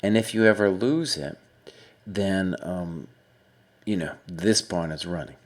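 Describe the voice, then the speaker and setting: Low-voiced man analyzing a chess game. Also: a little slow. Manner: conversational, thinks aloud with fillers and asides. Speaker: chess coach reviewing a member's game. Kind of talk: casual spoken game analysis.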